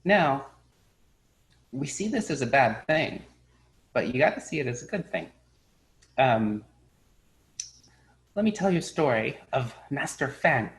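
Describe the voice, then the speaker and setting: A middle-aged man giving a spoken Buddhist dharma talk, an animated storyteller who acts out his characters' lines. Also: mid-range voice, unhurried, pauses often, poor audio. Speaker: Buddhist teacher.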